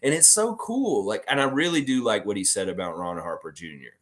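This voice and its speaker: A man's voice: fairly low pitch, lively intonation, fairly quick, fairly bright tone. A man hosting a casual live stream, rambling and reading viewer comments aloud. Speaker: livestream host.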